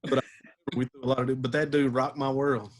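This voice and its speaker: This podcast guest, once a catcher, speaks fast with a flat, mid-range voice. He spins a casual story and keeps laughing as he tells it.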